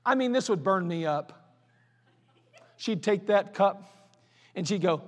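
A male pastor preaching a folksy sermon, telling stories and swinging from loud to quiet. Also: high-pitched, lively intonation, slow pace. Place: church sanctuary. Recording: long hall reverb in a church.

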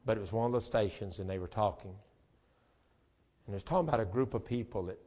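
A man preaching a sermon as pastor, moving between quiet, conversational talk and fervent, shouted rhythmic passages. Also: fairly low pitch, a little fast. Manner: repetitive, rhythmic preaching cadence.

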